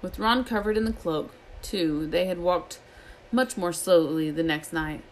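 A woman reading a novel aloud as an expressive storyteller. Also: fairly low pitch, measured pace, slight background noise, poor audio. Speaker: reader.

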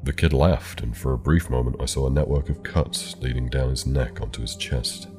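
A man narrating a horror story in a calm, measured way. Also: extremely low pitch. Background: soft background music.

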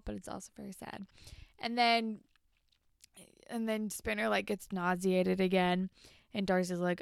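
A woman's voice: medium pitch, creaky, fairly bright tone, clear, resonant tone, no echo, clean studio sound. A young woman co-hosting a podcast, chatting casually and acting out characters' lines. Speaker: podcast co-host. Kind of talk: casual recap chat. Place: New York.

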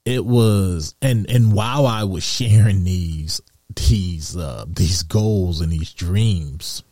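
A man with a very low, dark voice hosts a solo podcast, reflecting out loud at an unhurried pace. He pauses, restarts his thoughts and laughs softly to himself. The sound is dry and close. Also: no echo. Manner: slow, musing, with soft laughs and restarts. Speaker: podcast host.

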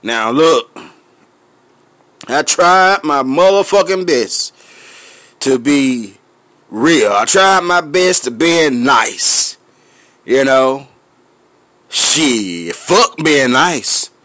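A man with a Memphis accent ranting to his viewers, full of cursing, laughing and clearing his throat as he smokes. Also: medium pitch, expressive, extremely slow, long pauses, dry recording. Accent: Memphis Southern US. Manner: loud, profane, laughing between lines; smoking, clears throat often. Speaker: vlogger. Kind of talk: profane rant to camera.

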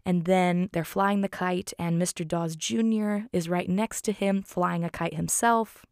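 A woman's voice: lowish voice, steady tone, unhurried, dry recording, studio quality. A woman recapping a film in casual talk, heartfelt and rambling with many fillers. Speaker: film reviewer.

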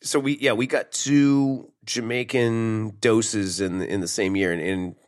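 A man's voice: lowish voice, measured pace. A man co-hosting a podcast, chatting casually about a movie and acting out quotes, with lots of fillers. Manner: animated, lots of fillers and quoting. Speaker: podcast co-host.

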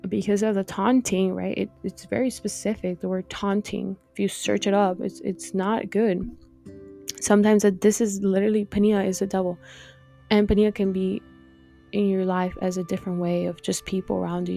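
A woman's voice: medium pitch, vocal fry, warm tone. A woman hosting a podcast, giving a casual, heartfelt Bible talk full of fillers like "like" and "you know.". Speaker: podcast host teaching the Bible.

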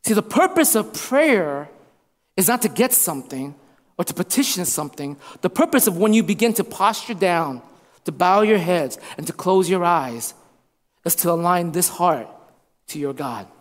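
A man's voice: high-pitched, moderate pace. Pastor guy preaching, voice jumps all over, long hall echo, says stuff twice. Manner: animated preaching, repeats lines for emphasis. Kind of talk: sermon.

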